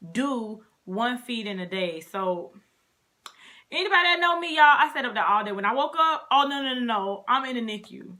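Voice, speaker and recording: A young woman vlogger telling her story in a casual, animated way, talking straight to her viewers. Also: medium pitch.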